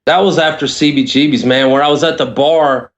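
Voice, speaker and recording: A man in his thirties sits in as a guest on a casual podcast. His voice sits a little on the high side. He butts in with jokes and friendly corrections. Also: steady tone, a little fast, muffled recording. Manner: joking, interrupting with corrections. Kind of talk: casual chat.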